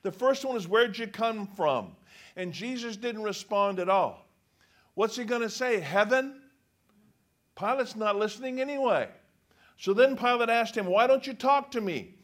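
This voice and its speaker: A man's voice: sits high, measured pace, a bit bright. A man preaching a sermon, reading scripture aloud and acting out the quoted speakers. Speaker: pastor.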